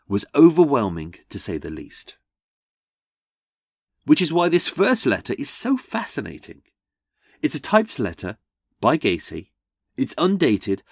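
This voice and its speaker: A man's voice: medium pitch, no echo, clean studio sound. A man with a British accent hosts a podcast in scripted comedic narration, full of sardonic, mocking asides. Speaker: podcast host.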